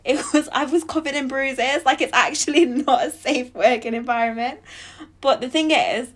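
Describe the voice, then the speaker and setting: A woman's voice: high-pitched, normal speed. A young woman, chatting as a podcast guest, laughing often and acting out other people's lines. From England. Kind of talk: casual chat.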